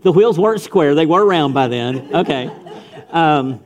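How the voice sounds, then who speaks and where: Speaking right to a youth audience, a middle-aged pastor preaches emphatically, repeating phrases. His voice is a little high and animated, with a measured pace.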